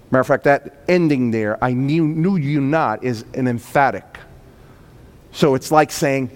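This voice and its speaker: Man, pastor, high voice, fervent sermon, sudden volume swells, emphatic slow phrases. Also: smooth.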